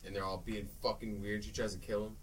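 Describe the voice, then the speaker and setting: A man's voice: fairly low pitch, level tone, quick pace, low-quality recording. A man co-hosting a casual movie review podcast, retelling scenes in a profane, rambling way. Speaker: podcast co-host.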